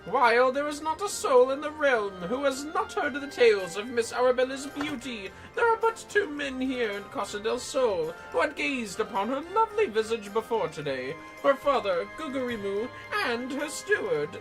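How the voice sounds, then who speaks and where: A woman voicing a pompous, theatrical gentleman inspector, declaiming in flowery, self-important speeches over a game livestream. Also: sits high, big pitch swings, normal speed, few pauses, over music, voice pushed up, low-quality recording. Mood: lecturing. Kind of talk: live voice-over of game dialogue.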